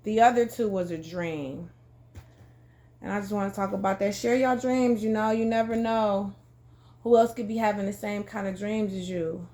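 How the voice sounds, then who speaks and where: Animated woman retelling a dream. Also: normal speed. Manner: animated, acts out quoted dialogue with big pitch jumps; heavy filler "like", loose slangy phrasing. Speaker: vlogger. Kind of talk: casual storytelling to camera.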